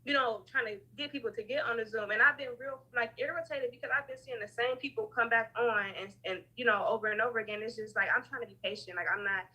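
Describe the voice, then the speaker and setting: A woman on a video call telling a story in a casual, animated way, acting out the lines of people in it. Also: fairly high pitch, quick pace, few pauses, husky, poor audio. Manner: animated, acts out dialogue in her stories.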